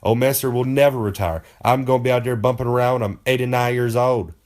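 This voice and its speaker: A man's voice: medium pitch, fairly even intonation, a little fast, darkish tone. A pro wrestler man giving road tips in a comedic in-character monologue, boastful and rambling in folksy slang.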